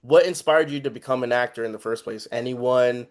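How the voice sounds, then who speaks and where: A man interviewing a guest, asking relaxed, hesitant questions and laughing easily. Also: medium pitch, fairly quick. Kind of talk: casual interview chat.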